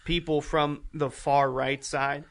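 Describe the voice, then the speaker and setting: Bright-voiced man telling a story. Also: fairly high pitch, level tone. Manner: halting storytelling with fillers. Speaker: podcast co-host. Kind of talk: casual chat.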